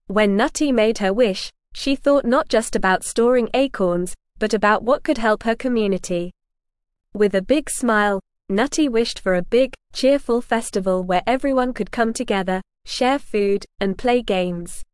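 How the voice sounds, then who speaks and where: A woman narrating a children's storybook in a gentle, even read-aloud manner. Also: on the high side, a little slow, clear, resonant tone, dry recording, clean studio sound.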